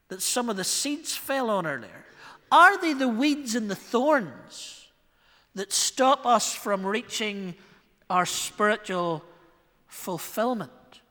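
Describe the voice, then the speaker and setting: A man's voice: high-pitched, bright, forceful tone. A man with a Northern Irish accent preaching a sermon as the church's pastor, wry and self-deprecating, with shifting emphasis. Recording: long reverb of a church hall.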